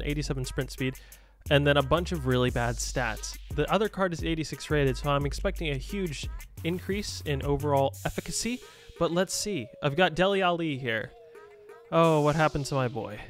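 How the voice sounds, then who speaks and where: A young man giving jokey, excitable commentary on his own football video game match, shouting at his players. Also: on the high side. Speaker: gaming YouTuber. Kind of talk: casual gameplay commentary.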